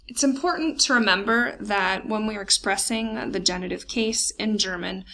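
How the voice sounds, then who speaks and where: Woman German teacher, slide lesson, gravelly edge, filler-heavy plain explaining. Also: medium pitch, sharp tone. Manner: slows down for German example words.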